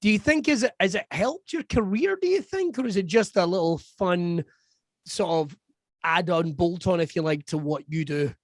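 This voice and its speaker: A man's voice: high-pitched, lively intonation, normal speed, no room sound, clean studio sound. A man hosting a podcast interview, joking and reacting with enthusiasm. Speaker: podcast host.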